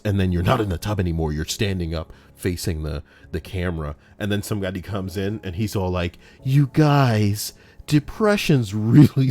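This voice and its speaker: Young guy w a deep voice, goofy ranty commentary, swears a lot. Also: a little mellow. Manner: swearing, joking, quick switches into mock voices. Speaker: YouTube host reading online stories. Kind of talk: comedic commentary.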